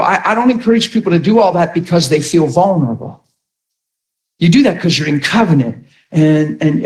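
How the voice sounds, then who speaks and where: A man's voice: a little high, roomy sound. A man preaching a sermon in a conversational, emphatic way, often repeating words as he starts a thought.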